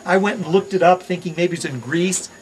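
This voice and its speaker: A man's voice: high voice, brisk. A middle-aged man from Hawaii giving an outdoor park ranger talk, joking with visitors and quizzing them on the sights. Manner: playful, quizzes the crowd and jokes. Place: outdoors at a volcano viewpoint. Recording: outdoor recording with audible crowd.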